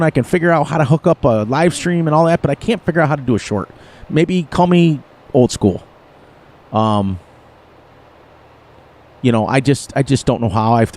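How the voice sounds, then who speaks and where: With a medium-pitched, darkish voice, a middle-aged streamer talks casually to his audience during a live farming-game session. He rambles and chuckles as he plays.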